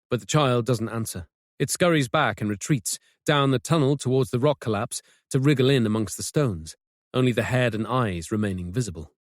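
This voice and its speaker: A man narrating a mystery audiobook in a measured, suspenseful way, on a close studio mic. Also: mid-range voice, no room sound. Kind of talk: scripted narration.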